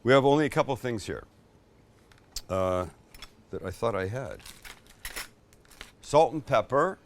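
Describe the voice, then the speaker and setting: Recorded on a distant mic with a slight hiss or hum, this middle-aged cooking show host speaks at medium pitch, a bit slowly and expressively. He's running a casual demonstration outdoors in his backyard kitchen, chatty, full of jokes and emphatic.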